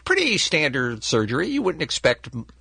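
Lively, husky-voiced radio host man. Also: a little high, normal speed, dry recording. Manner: leads the segment, storytelling with emphatic asides. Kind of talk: morning radio talk. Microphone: studio microphone.

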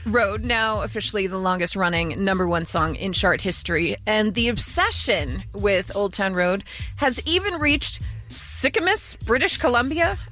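A woman's voice: medium pitch, expressive, normal speed, a bit bright, faint music behind. A woman hosting a radio show, reading entertainment news and teasing her co-hosts. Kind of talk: morning radio banter.

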